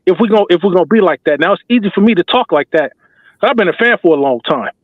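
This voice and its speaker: A male talk show host in full fan mode, rallying the listeners with emphatic, repetitive slang. His voice sits high for a man and comes through narrow and phone-like. The sound is dry and close, with no room around it. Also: lively intonation, fast, dry recording. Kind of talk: passionate fan commentary.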